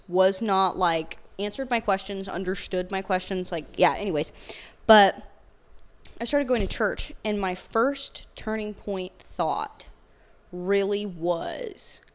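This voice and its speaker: A young woman telling a personal story in casual podcast conversation, animated and peppered with "like". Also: medium pitch, slow. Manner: animated storytelling, heavy use of "like".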